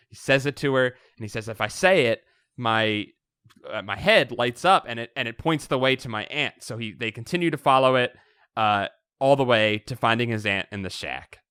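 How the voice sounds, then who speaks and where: A man co-hosting a podcast, recapping a story in casual chat, animated and laughing often. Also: mid-range voice, smooth, dry recording, studio quality. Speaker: podcast co-host.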